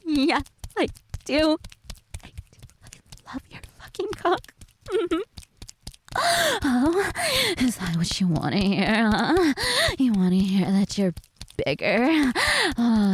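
Woman for erotic audio role-play; high, breathy, moaning delivery dropping to whispers, slow and drawn out. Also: a little hiss or hum. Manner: breathy and moaning, swinging between whispers and cries.

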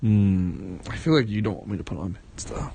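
A young man in an intimate boyfriend role-play, talking in a relaxed, teasing, affectionate way with many soft hums, as if in bed. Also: lowish voice, normal speed, vocal fry, slight background noise. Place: bed, indoors.

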